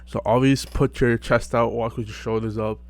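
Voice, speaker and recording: A young man giving casual self-improvement advice to camera, relaxed and full of fillers, often checking in with "right?". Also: medium pitch, normal speed, gravelly. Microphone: close mic.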